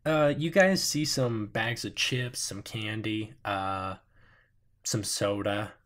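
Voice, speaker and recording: A man narrating as game master, relaxed and halting, with many pauses and fillers. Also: on the low side.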